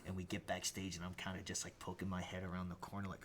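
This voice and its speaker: A man, a professional wrestler and podcast guest, telling animated backstage stories with frequent laughter. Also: low voice, rapid-fire, background noise. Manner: animated storyteller, laughs often. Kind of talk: casual storytelling interview.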